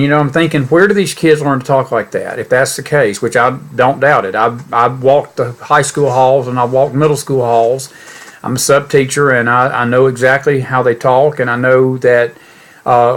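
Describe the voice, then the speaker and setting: Middle-aged man, podcast host, mid-pitched, folksy and earnest, turns indignant. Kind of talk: political commentary podcast.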